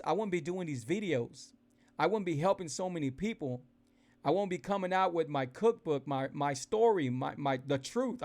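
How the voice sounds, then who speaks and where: A man with a slightly high voice chats on a livestream. He speaks in a lively, folksy way and often repeats himself. He keeps turning to the viewers to address them directly. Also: creaky. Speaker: keto weight-loss vlogger. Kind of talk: casual livestream chat to followers. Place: indoors, livestreaming.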